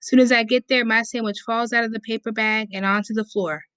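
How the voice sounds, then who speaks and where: A woman's voice: fairly high pitch, steady tone, a little fast, fairly bright tone, clean tone, no echo. Woman narrating a chapter book. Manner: casual, conversational storytelling. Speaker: audiobook reader. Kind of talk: first-person audiobook narration.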